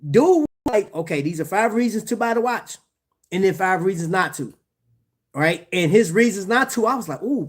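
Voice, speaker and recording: A man hosting a casual livestream about watches, talking in slang, laughing often and addressing his chat. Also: high-pitched. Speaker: watch channel host.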